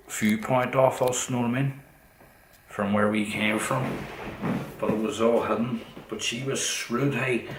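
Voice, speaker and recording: Low-voiced man rambling. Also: fairly bright tone, roomy sound, recorded from a distance, slight background noise, low-quality recording. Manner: profane, rambling, restarts often. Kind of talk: casual storytelling.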